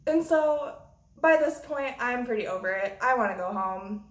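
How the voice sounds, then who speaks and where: A woman's voice: on the high side, lively intonation, moderate pace. A woman vlogger telling a story in a blunt, profane way. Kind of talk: storytime vlog. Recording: roomy echo.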